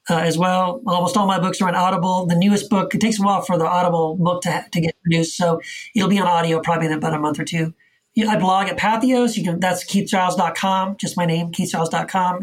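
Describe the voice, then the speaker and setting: A man being interviewed as an author guest, explaining his ideas earnestly in casual conversation, repeating words for emphasis. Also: sits high. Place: Texas.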